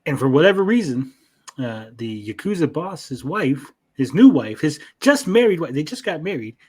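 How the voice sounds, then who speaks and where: A man co-hosting an anime review chat, retelling scenes in a lively, profane way with mock voices. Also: on the high side, normal speed, slightly rough. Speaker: podcast co-host.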